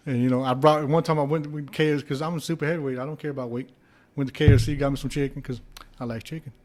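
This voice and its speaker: A man's voice: fairly high pitch, quick pace, hardly any pauses. A man, a former boxer, telling stories casually with lots of swearing and laughter. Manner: animated anecdotes with profanity and laughter. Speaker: podcast guest, former heavyweight boxer. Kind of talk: casual storytelling.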